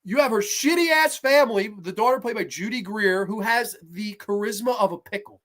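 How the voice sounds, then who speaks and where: A horror movie reviewer ranting through a sequel with profane, sarcastic jabs, dropping to low grumbles and rising to loud mocking shouts. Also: fairly quick.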